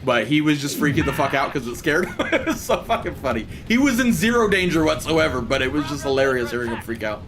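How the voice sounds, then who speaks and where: A man's voice: a little high, sing-song, fast talker, few pauses, noisy background. A man streaming a game live, telling a story in casual, profane chat and laughing as he goes.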